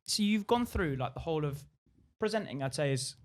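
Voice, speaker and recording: A man co-hosting a podcast, asking a guest halting, hedged questions. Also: on the high side, animated. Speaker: podcast co-host interviewer.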